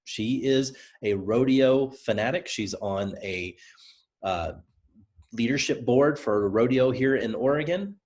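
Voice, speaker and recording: Energetic man with a Southern drawl. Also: mid-range voice, a little slow. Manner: energetic, conversational, coaching; direct, repeats points for emphasis. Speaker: presenter. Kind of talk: motivational training talk.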